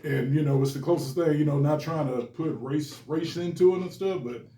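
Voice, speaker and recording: A man chatting casually with friends, relaxed and supportive, and quick to laugh. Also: on the high side. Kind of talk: casual chat. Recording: echoey room.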